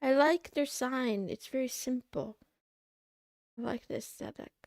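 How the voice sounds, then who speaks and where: A young woman chatting on a livestream, her slightly high voice full of creaky fry. She rambles as she browses, thinks out loud and trails off mid-thought. The sound is dry and close to the mic. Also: unhurried, no room sound. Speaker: streamer. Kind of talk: casual livestream chat.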